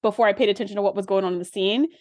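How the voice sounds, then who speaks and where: A woman co-host recaps scenes in easygoing podcast chat. Her voice sits at an average pitch in a dry, close recording with no room sound. She stays animated and laughs easily. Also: rapid-fire, no room sound. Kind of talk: casual chat.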